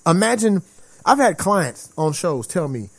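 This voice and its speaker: A man's voice: high-pitched, unhurried, husky. A man in his forties talking in a casual chat as a podcast co-host, emphatic and slangy. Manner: animated, emphatic, slangy, acts out quoted voices.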